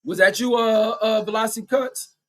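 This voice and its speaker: A man giving excitable, profane fan play-by-play of a boxing match on a livestream, cheering one fighter on and reading viewer chat aloud. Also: sits high, moderate pace.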